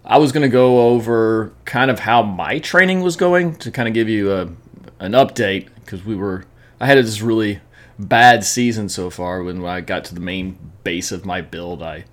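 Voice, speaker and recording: A man's voice: fairly low pitch, fairly bright tone. A man telling his training mishaps in a casual vlog, chatty, often laughing and repeating words as he talks. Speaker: amateur triathlete vlogger.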